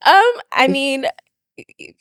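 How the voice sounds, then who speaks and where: A young adult actress speaking as an interview guest in casual chat, expressive and quick to laugh. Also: female voice, high-pitched, no echo. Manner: expressive, laughs often, lively storytelling.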